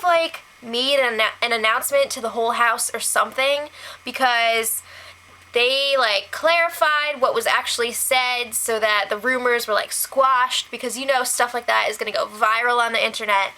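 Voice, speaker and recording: A woman's voice: a little high, bright, forceful tone, poor audio. A young woman chatting casually as she recaps a reality show for her vlog, laughing often and saying "like" a lot. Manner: chatty, giggly, heavy use of "like".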